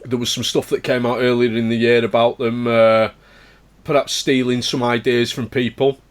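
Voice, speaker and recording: A man's voice: medium pitch, little pitch movement, moderate pace. A British man co-hosting a podcast in casual chat, dry and matter-of-fact. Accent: British English. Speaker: podcast co-host.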